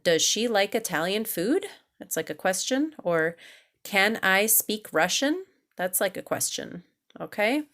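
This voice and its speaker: A woman's voice: medium pitch, fairly bright tone. A woman teaching an English grammar lesson, patiently reading examples aloud and checking in with "okay?" after each point. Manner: slow and deliberate, reads examples aloud.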